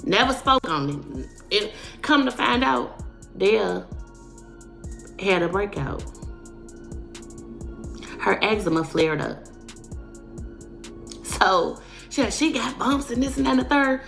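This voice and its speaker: A woman's voice: mid-range voice, lively intonation, slow, gravelly, pauses often, a bit bright, soft background music. A woman in a played clip telling a story in casual, slangy, dismissive speech. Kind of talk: storytelling in a video.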